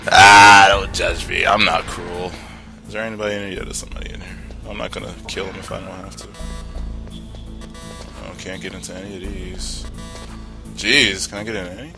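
A young man giving excitable, profane commentary while playing a video game, talking back to the characters on screen. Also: sits low, moderate pace, vocal fry, pauses often. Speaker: gameplay commentator. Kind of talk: let's-play commentary. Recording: game music behind voice.

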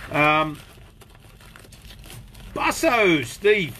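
A man's voice: on the high side, lively intonation, measured pace, long pauses, sharp tone, slight background noise. Laid-back Australian man greeting viewers. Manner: chatty and laid-back, greets viewers by name mid-sentence. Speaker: shop owner hosting a live stream. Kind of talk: casual live-stream chat. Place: inside his outdoor shop.

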